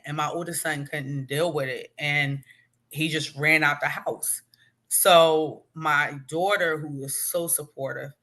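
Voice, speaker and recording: A woman interview guest speaking slowly and from the heart. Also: deep voice, sharp tone. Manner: slow, heartfelt personal telling. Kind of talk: interview conversation.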